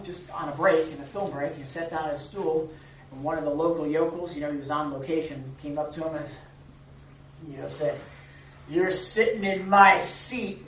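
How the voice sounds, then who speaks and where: A man's voice: fairly high pitch, a little hiss or hum. A man preaching a sermon as pastor, talking animatedly and acting out the voices he quotes. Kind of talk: sermon with congregation. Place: church or meeting room. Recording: echoey room, distant mic, faint ambience.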